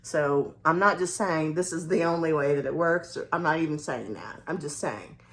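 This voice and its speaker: A woman's voice: low voice, normal speed, fairly bright tone. A woman in her forties with a Southern US accent, telling a casual confiding story with a rambling delivery and many restarts. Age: 40s. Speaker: vlogger.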